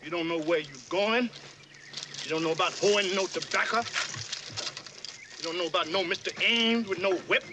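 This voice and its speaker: A man's voice: high-pitched, moderate pace, pauses often, noisy background, lightly acted. An actor with a Southern accent playing an older enslaved fiddler who fawns over his master and scolds a newcomer in a drawling dialect. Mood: scolding. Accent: American Southern. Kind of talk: period film drama.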